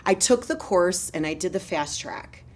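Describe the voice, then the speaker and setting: Energetic low-voiced woman broker. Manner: energetic, fast-moving storyteller. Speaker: real estate broker and company leader. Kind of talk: interview storytelling.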